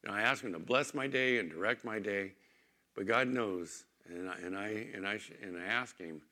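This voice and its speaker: A man preaching a sermon as pastor, conversational, moving between emphatic points and quiet storytelling in a church. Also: on the low side, moderate pace.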